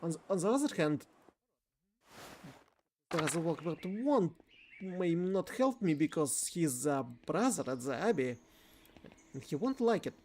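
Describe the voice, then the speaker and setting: A man streaming a game, thinking aloud and shouting calls to the characters. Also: a little high, very animated, measured pace, pauses often, slight background noise. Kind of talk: game let's-play commentary.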